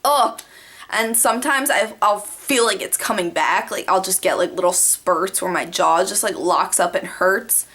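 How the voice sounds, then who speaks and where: A young woman vlogging casually, telling stories to the camera with lots of "like" fillers and animated asides. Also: medium pitch, a little slow. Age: young adult. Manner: chatty, animated, many "like" fillers.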